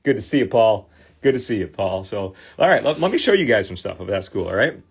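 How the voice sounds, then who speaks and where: A man's voice: lowish voice, animated, a little fast, slightly rough. Chatty Midwestern man hosting a livestream. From Michigan, US Midwest. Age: 40s. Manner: chatty, talks to viewers with many fillers and restarts. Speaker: livestream host restoring trading cards. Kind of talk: casual livestream chat.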